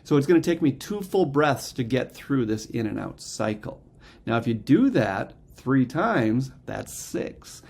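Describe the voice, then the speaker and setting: A man's voice: mid-range voice, big pitch swings, measured pace, vocal fry, a little mellow. A man teaching a gratitude and meditation breathing practice, explaining step by step and often checking in with "okay?". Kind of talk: casual instructional talk.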